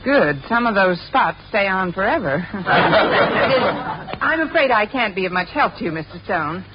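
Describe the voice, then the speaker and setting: A woman's voice: mid-range voice, lively intonation, a little slow, muffled recording, a loud crowd. A woman playing a wisecracking schoolteacher in a 1950s radio sitcom, with a playful, flustered manner. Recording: old radio broadcast with live audience laughter and hiss.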